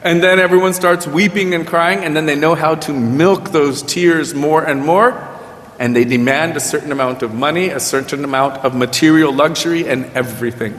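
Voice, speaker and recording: This man's voice sits a little high and a bit bright, moving at normal speed as he teaches a devotional group in Vrindavan. He tells stories and quotes his guru, his voice rising for emphasis, and the livestream carries a long hall reverb.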